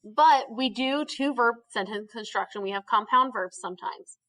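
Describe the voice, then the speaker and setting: A woman's voice: fairly high pitch, moderate pace, a bit bright. A woman teaching a Spanish grammar lesson in a recorded video, explaining patiently step by step and checking in with frequent okays.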